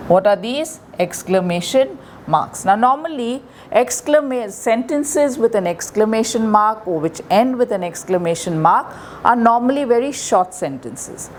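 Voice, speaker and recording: A woman with an Indian English accent teaches a children's grammar class at an unhurried pace. She talks patiently and goes over each rule again and again. A faint hiss sits under her voice. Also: on the high side, expressive, darkish tone. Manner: patient, repeats rules step by step. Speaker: primary school English teacher. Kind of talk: slow classroom grammar lesson.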